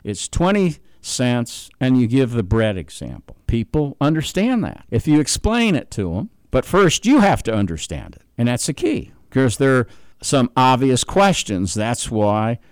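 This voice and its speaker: A man's voice: mid-range voice, very animated, unhurried, darkish tone, clean tone, no room sound. An older American man giving an unscripted political monologue, explaining his points emphatically and repeating words for stress.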